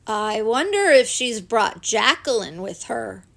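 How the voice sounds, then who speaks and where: A woman voicing a shy, polite male teddy bear who speaks slowly and earnestly, with a gravelly voice. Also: a little high, big pitch swings, a bit bright, exaggerated voice. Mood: timid, earnest. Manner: slow, timid and earnest.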